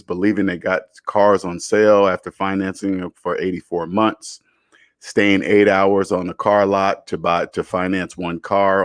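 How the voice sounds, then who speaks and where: A man with a low voice hosts a live personal finance stream, lecturing bluntly. He repeats his points for emphasis and tags nearly every line with a questioning "okay?". The sound is dry and close. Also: no room sound. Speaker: personal finance show host.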